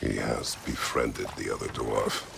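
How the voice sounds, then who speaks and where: A grim warrior god in a video game, and his voice sits at the very bottom of the range with a heavy gravel in it. He speaks in short, terse lines, over a constant wash of water and boat noise. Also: very deep voice, steady tone, measured pace, full character voice. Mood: stern.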